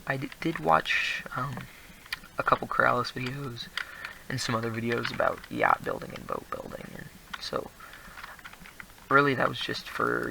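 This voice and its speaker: A man's voice: mid-range voice, gravelly, noisy background. A teenage boy casually commenting on his own building game, rambling and laughing at himself now and then. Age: teens. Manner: rambling, self-deprecating, laughs often. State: prone to coughing. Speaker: gaming video host.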